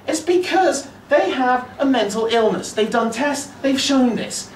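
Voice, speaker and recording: A young man doing a stand-up comedy set, rambling and swearing, jumping to loud punchlines, from England. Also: very high-pitched, lively intonation, unhurried, a little hiss or hum. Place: comedy club stage. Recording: roomy club recording from far off. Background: audience laughter.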